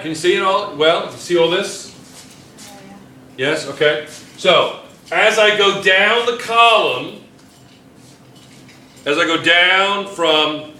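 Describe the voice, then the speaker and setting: A man teaches a chemistry class at a whiteboard in a slightly high, bright, forceful voice. He repeats points and keeps asking whether the students can follow. The classroom echoes around him, with a faint hum of room noise. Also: far from the mic. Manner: repetitive, checks in often with students. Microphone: camera in the room.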